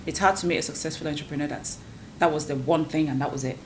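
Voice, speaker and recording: A middle-aged woman, a guest entrepreneur, chatting casually and telling animated stories full of quoted voices. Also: low-pitched, quick pace, a little hiss or hum, rough recording. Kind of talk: casual podcast chat.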